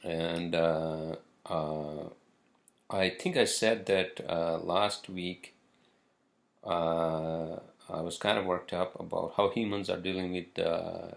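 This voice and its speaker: A man hosting a casual solo show, rambling and swearing freely with plenty of halting. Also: deep voice, fairly even intonation, vocal fry. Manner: rambling, profane, halting with fillers. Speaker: podcast host.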